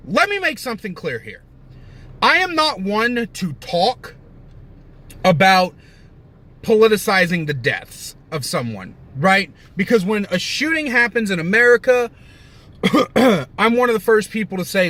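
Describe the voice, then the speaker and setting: A man's voice: high voice, big pitch swings, normal speed, bright, forceful tone. A young man ranting in heated, profane, sarcastic commentary, often stopping to correct himself. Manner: rambling with self-corrections.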